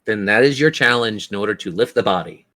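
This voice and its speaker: A man's voice: fairly low pitch, brisk, bright, forceful tone. A man acting as game master, narrating a tabletop game with patient, descriptive turns.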